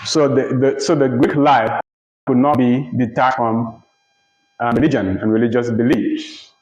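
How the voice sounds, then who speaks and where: A man teaching a literature lecture, explaining slowly and deliberately, repeating phrases and checking that listeners follow. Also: mid-range voice, steady tone, darkish tone. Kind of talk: recorded lecture. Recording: roomy, dull lo-fi recording.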